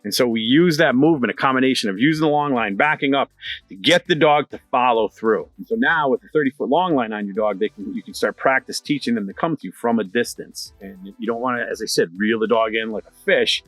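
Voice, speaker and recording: A middle-aged man teaching dog training in a lively conversational way, repeating his key points. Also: mid-range voice, brisk, dry recording, faint music behind. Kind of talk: instructional talk to camera.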